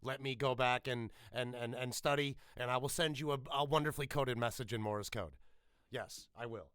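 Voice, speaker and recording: An American man hosts a casual podcast interview, talking in an animated, profane way full of jokes, rushing ahead and stumbling through restarts. His medium-pitched voice is bright, forceful, clear and resonant. The recording is dry and close to the mic, with no room sound.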